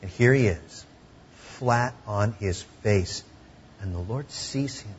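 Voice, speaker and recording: A man preaching a sermon in a conversational way, sometimes dropping to hushed tones. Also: on the low side, slow pace, highs cut off, slight background noise. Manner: conversational, drops to hushed tones for emotional moments.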